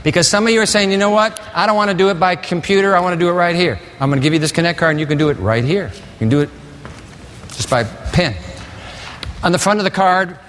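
A man preaching a sermon as pastor, energetic and exhorting, his voice climbing to excited peaks. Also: high voice, quick pace, slight background noise. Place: large church sanctuary. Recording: long reverb of a large hall.

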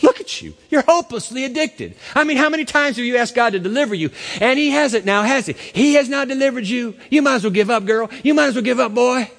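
A man's voice: extremely high pitch, lively intonation, fast talker, gravelly, hardly any pauses, a bit bright, long reverb tail, pitched above the performer's own voice, heavily acted. A man voicing a sneering male devil who taunts and mocks his listener. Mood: taunting. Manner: mocking, jeering, repetitive taunts.

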